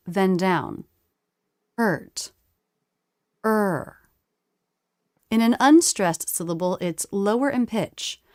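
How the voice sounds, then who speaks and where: A woman teaching pronunciation, explaining slowly and carefully and drawing out each sound she demonstrates. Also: mid-range voice, no room sound, studio quality. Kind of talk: instructional explanation.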